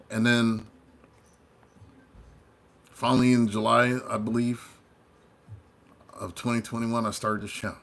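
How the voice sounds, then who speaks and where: A male tarot reader tells his story to viewers in a loose, chatty way and drifts from one thought to the next. His voice sits in an ordinary middle pitch and is picked up by a close camera mic. He sounds relaxed and unscripted. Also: measured pace, vocal fry, pauses often. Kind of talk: casual storytelling monologue.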